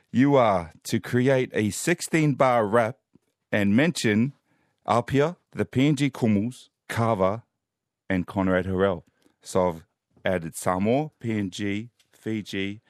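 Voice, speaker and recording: Low-voiced laid-back male co-host. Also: dry recording, clean studio sound. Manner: laid-back, jokey banter. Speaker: podcast co-host. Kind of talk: casual chat.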